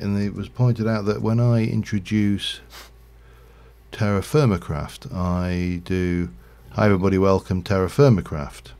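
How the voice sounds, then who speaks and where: Male streamer, slight Yorkshire accent, deep voice with a gravelly edge, loose casual commentary. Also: darkish tone. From Yorkshire, England. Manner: rambling, chatty, self-correcting. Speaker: game streamer. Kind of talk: casual livestream gameplay commentary.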